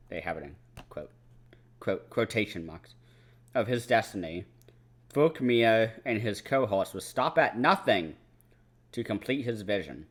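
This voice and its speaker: Young man, low-ish voice, casual rambling movie talk, profane. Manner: rambling, profane, lots of "like" and "you know". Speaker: movie marathon vlogger. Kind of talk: casual movie review chat.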